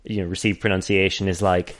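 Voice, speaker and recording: A man with a fairly low voice talks through an old film on a podcast. His talk is loose and rambling, peppered with swearing and frequent laughter. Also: level tone, quick pace. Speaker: podcast host. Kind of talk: casual podcast chat explaining a film.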